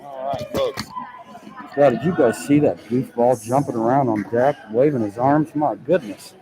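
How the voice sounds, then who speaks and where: An excitable, chatty man announces a swim meet live, joking between events. His pitch sits in an everyday middle range. A crowd of spectators is clearly heard behind him. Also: normal speed, low-quality recording.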